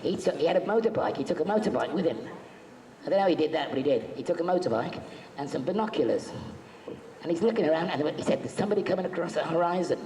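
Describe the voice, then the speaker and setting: Speaking quickly and animatedly, a man with a voice on the high side and a dark tone entertains a live audience as a convention panel guest. He tells humorous, chatty anecdotes and acts out the quotes, with the echoey hall carrying faint background noise.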